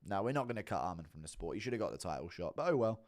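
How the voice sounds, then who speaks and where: A man's voice: low voice, very animated, rapid-fire, darkish tone. A man doing casual live-stream commentary, swearing often, laughing a lot and talking to his chat. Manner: giggly, profane, talks to chat.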